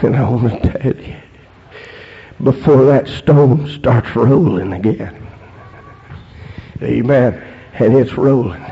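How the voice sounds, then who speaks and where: Male holiness preacher, slow and sing-song. Peppers every line with "amen". Lo-fi recording. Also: medium pitch. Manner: punctuates phrases with "amen", swings between hushed storytelling and shouted climaxes. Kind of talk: holiness sermon. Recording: dull lo-fi sermon recording.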